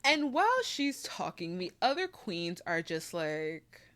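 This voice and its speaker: A woman's voice: lowish voice, very animated, measured pace, fairly bright tone, a little hiss or hum. A woman giving casual review commentary on a TV show, emphatic and repetitive, with lots of "like" fillers.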